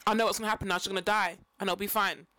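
A woman's voice: mid-range voice, steady tone, very fast, sharp tone, no room sound. A woman co-hosting a podcast, chatting casually and animatedly, often laughing. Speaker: podcast co-host. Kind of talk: casual chat.

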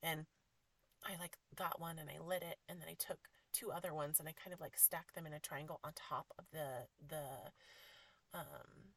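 A woman's voice: low-pitched, fairly even intonation, moderate pace, a bit bright, far from the mic. A woman hosting a podcast, telling a personal story with emotion, full of fillers and often dropping to a whisper. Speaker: podcast host.

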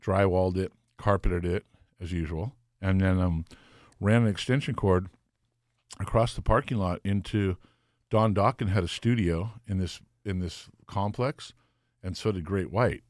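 Guest, 50s man: low, profane, relaxed storyteller, dry recording. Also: unhurried, dry recording. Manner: profane, laid-back storyteller. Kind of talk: casual storytelling chat.

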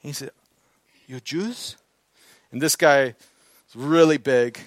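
A man with a notably high voice preaches a sermon, telling a story quietly before building into emphatic preaching on scripture. The sound is dry and close, with almost no room around it. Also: slow pace, dry recording.

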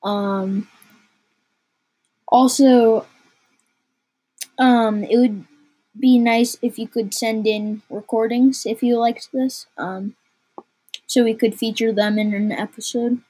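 Woman host, higher voice with a mellow dark tone, hesitant casual outro. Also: fairly even intonation, slow, pauses often, husky, low-quality recording. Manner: hesitant, many fillers. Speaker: podcast host.

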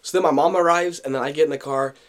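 The young man's voice sits on the high side, with fairly even intonation and a fast pace. As a podcast co-host in casual chat, he tells a story, acts out what others said, and uses many fillers and restarts.

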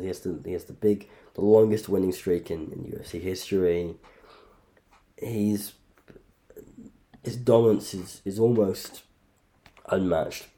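Low, dark-voiced sweary man. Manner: sweary, loudly incredulous outbursts. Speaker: podcast host ranking fighters. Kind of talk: casual podcast chat.

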